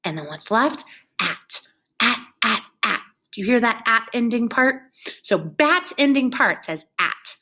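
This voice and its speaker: A woman's voice: a little high, big pitch swings, moderate pace, fairly bright tone. A woman teaching young children in a recorded lesson, with an encouraging, exaggerated teacher voice.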